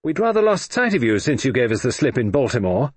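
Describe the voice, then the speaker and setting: A man's voice: medium pitch, very animated, fast, slightly rough, dry recording, pitched above the performer's own voice. A man voicing a blunt, commanding army colonel in an audiobook reading. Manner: brusque, commanding. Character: blunt gruff military colonel. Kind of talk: audiobook character voice.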